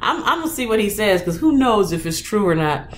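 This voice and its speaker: A woman in her thirties hosting a cooking channel, chatting casually on a live stream as she reads out viewer comments, laughing often and getting animated when she quotes people. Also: mid-range voice, brisk.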